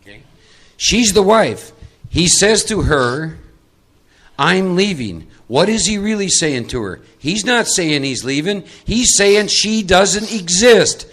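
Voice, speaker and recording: A man leads a live workshop in a meeting room. His voice is bright and forward. He talks conversationally and coaxes audience volunteers into acting out roles. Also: sits high, lively intonation, unhurried. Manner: conversational, coaxing volunteers into role-play. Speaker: recovery workshop speaker.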